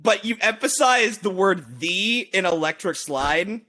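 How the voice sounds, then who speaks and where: A man co-hosting a podcast, rambling in casual banter and breaking into sung and shouted bits. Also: high voice, expressive, unhurried. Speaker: podcast co-host.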